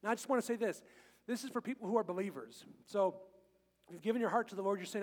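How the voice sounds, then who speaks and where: A middle-aged pastor preaching a casual, humorous sermon, quoting scripture and acting out little everyday scenes. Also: male voice, high voice, fast, long reverb tail. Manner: chatty and joking, quotes scripture, acts out little scenes. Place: church sanctuary.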